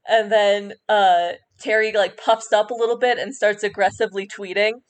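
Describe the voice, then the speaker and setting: A woman narrating as game master of a tabletop game, relaxed and descriptive. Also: mid-range voice, moderate pace, few pauses.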